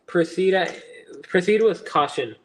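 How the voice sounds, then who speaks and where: Animated and high-voiced, a young man keeps a measured pace as he builds on a casual livestream. He rambles chattily, reading viewer comments aloud and responding, while a slight hiss or hum runs underneath.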